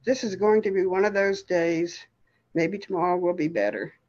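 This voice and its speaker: A woman voicing a kind elderly woman who cares for a friend and speaks gently and teasingly. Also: lowish voice, normal speed, dull audio, close to an everyday voice. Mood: gentle.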